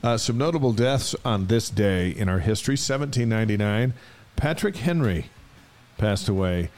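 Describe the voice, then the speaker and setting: A man co-hosting a casual sports chat in a relaxed way, reading out the day's notes and riffing with his partner. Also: fairly low pitch, normal speed. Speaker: co-host.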